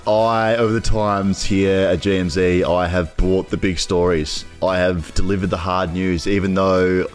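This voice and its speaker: A man's voice: deep voice, level tone, moderate pace, faint music behind. A young man co-hosting a podcast in casual banter, making mock-solemn, theatrical announcements and laughing a lot. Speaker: podcast co-host. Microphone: remote call recording.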